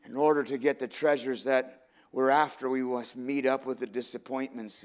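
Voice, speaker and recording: A man preaching a sermon in an earnest, heartfelt way. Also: medium pitch. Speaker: pastor.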